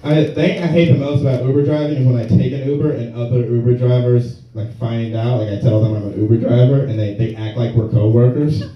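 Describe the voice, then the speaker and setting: A man's voice: medium pitch, steady tone, fairly quick, hardly any pauses, a little hiss or hum. Laughing stand-up man in an echoey room. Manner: loose, laughing, slips into mock voices. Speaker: stand-up comedian. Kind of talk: stand-up set with crowd work. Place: small comedy venue with audience. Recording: far-off echoey room, dull lo-fi sound.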